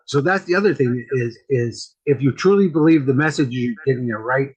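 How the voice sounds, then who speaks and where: On poor-quality audio, the man's medium-pitched voice comes across a little fast, a bit mellow, and slightly rough. He is a guest medium on a podcast, chatting casually from a green-screen home studio, telling rambling stories and repeating words.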